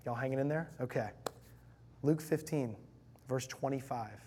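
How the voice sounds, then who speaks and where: A pastor preaching a sermon in an emphatic, conversational way, with a husky voice and phrases stacked in threes. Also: male voice, medium pitch, unhurried, warm tone, a little hiss or hum.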